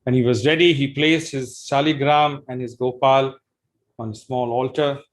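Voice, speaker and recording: A man's voice: mid-range voice, moderate pace. A man telling a devotional story to an audience, acting out the voices of its figures. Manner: animated, acts out voices.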